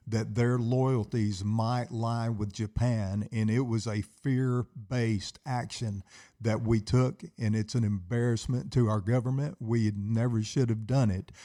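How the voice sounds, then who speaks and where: A man's voice: on the low side, warm tone. A man in his sixties, an Army veteran telling his stories in an interview with earnest, heartfelt sincerity.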